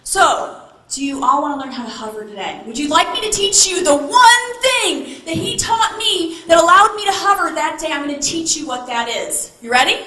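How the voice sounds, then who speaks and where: A woman's voice: sits high, lively intonation, normal speed, sharp tone. A woman giving a motivational keynote, telling her story theatrically and tossing playful asides to the audience. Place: large hall with audience. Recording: echoey hall, faint ambience.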